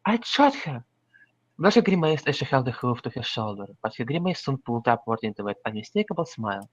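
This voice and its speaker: A man reading a fan story aloud in English, a non-native speaker who stumbles and clears his throat now and then. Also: medium pitch, animated, fast talker, no echo. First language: Russian. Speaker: reader. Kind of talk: amateur fan-fiction reading. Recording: dry, slightly muffled voice-chat audio.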